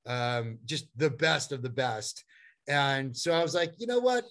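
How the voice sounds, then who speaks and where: A middle-aged man telling a long story as a guest, animated and rambling, with many fillers and restarts. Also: medium pitch, a little slow. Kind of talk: storytelling in a conversation.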